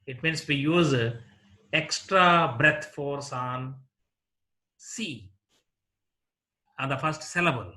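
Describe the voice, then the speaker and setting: A man with an Indian English accent teaching a slow, deliberate lesson, repeating word lists one item at a time. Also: medium pitch, pushed and bright. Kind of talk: classroom lecture.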